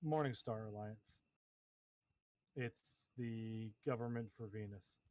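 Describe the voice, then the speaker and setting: A man narrating and explaining rules as game master of a tabletop role-playing game, in a lively manner. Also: on the low side, slow, no room sound.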